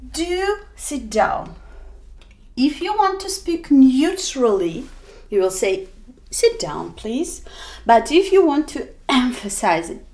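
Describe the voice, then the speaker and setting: High, lively woman teaching slowly. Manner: slow and deliberate, acting out example sentences with emphasis. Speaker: English teacher. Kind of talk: explanatory video lesson.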